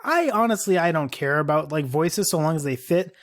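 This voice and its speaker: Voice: medium pitch, animated, brisk. Musing, argumentative podcast cohost. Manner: musing, argumentative, thinks aloud. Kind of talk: casual pop-culture chat.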